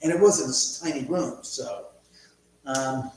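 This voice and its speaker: Middle-aged male livestream host, loose rambling storyteller, laptop mic far off, boomy room with a faint hum. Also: a little slow, darkish tone. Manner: rambling storyteller, reads viewer comments aloud. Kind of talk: casual livestream chat. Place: large echoey room at home. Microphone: laptop mic from a distance. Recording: very echoey, distant, faint hum.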